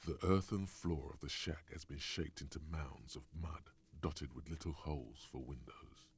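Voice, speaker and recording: An actor voicing a measured inner-voice narrator in a video game. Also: male voice, a bass voice, husky, no echo, heavily acted. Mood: narrating.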